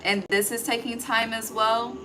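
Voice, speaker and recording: A woman's voice: fairly high pitch, normal speed. Chatty woman giving a casual card reading. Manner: chatty, thinks aloud, swears, calls the listener honey. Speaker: intuitive tarot reader. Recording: steady background noise.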